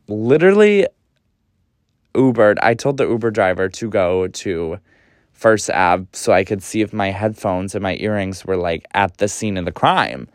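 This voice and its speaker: Gossipy young man, low and dry. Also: dry recording. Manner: animated, gossipy, swears a lot, pitch often jumps up. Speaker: podcast host. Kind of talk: casual storytelling monologue.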